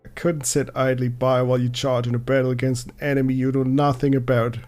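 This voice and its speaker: A man's voice: medium pitch, level tone, brisk, a little mellow, close to an everyday voice. A man voicing an earnest, protective banished male warrior in a fantasy game, reading the lines plainly.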